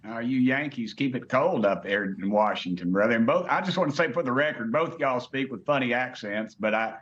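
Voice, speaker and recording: A man's voice: medium pitch, a little fast, fairly bright tone, highs cut off. A man, a congressman speaking as a guest in a TV interview, blunt and folksy, repeating words as he goes. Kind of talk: live TV interview.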